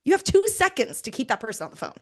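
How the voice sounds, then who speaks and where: A woman's voice: high voice, sing-song, racing. A woman recruiter talking bluntly and animatedly in a casual interview, swearing freely. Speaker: recruiter guest.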